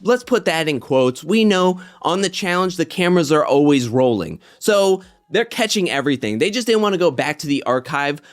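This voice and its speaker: A man hosting a casual commentary show, talking in an animated way and getting worked up as he rants. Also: a little high, normal speed, hardly any pauses. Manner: animated, gets worked up and ranty. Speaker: reality TV commentary host.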